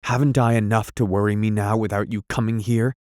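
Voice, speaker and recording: A man reading an audiobook, voicing a frantic, violent young man who shouts and rages at a woman. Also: on the low side, steady tone, fairly quick, dry recording, studio quality, lightly acted. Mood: raging. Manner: shouting, raging, near screaming.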